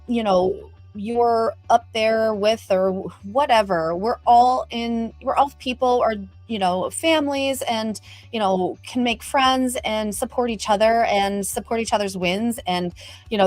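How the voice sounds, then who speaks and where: A woman's voice: medium pitch, no room sound. A middle-aged woman hosting a casual livestream, chatty and bubbly, greeting viewers by name. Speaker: livestream host.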